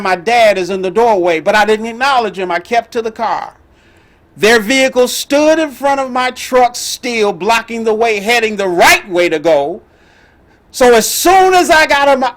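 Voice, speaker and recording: A middle-aged man telling a personal story as the host, animated and emphatic. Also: high-pitched. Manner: animated, emphatic, with laughs and outbursts.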